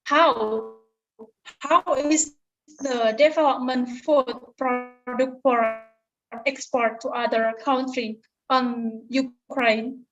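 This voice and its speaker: A high-voiced woman asks her questions over a dull, lo-fi video call line. She speaks slowly and hesitantly, apologizing and rephrasing as she goes. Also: steady tone, soft background music. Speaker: student asking questions.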